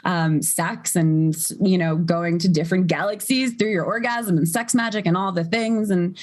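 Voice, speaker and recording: A woman sex coach, a podcast guest, explaining things in a relaxed, flowing way full of "like" and "you know". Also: on the low side, moderate pace. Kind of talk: casual podcast interview.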